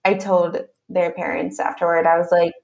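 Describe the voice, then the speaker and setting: A woman's voice: fairly low pitch, little pitch movement, normal speed, gravelly, darkish tone. A woman in her thirties co-hosting a podcast, telling an upbeat story in casual chat. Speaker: podcast co-host.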